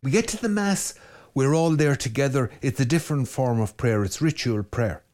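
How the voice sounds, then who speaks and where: An Irish man, a Catholic priest, giving a spoken sermon on prayer in an urgent, exhorting way, talking straight to his listeners with quick commands. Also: mid-range voice, lively intonation, a little mellow. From Ireland. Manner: urgent, exhorting, direct address with rapid commands.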